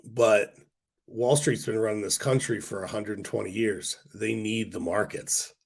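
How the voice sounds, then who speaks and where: A man's voice: lowish voice, fairly even intonation, measured pace, gravelly, breathy edge. A man hosting a stock market livestream, talking to viewers in a rambling, blunt, irreverent way with casual swearing, his voice worn and congested.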